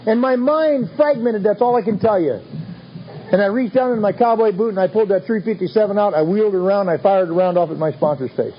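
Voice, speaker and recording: A man's voice: sits high, fast talker, a little hiss or hum. A man telling his recovery story to a meeting in a wry, self-mocking, folksy way. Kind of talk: humorous storytelling talk. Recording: dull lo-fi recording with faint ambience.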